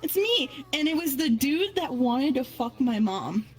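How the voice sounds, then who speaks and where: A woman's voice: high-pitched, expressive, a little slow, a little mellow, low-quality recording. A woman telling casual stories in a social VR game, cursing freely and laughing as she talks. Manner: swears freely, laughs through her stories. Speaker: guest answering questions. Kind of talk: casual storytelling. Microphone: headset in a social VR game.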